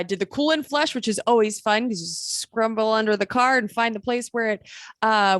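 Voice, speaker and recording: A woman's voice: on the high side, a bit bright, dry recording. A woman co-hosting a casual racing podcast, telling a chatty story and laughing easily. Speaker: podcast co-host. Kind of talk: casual chat.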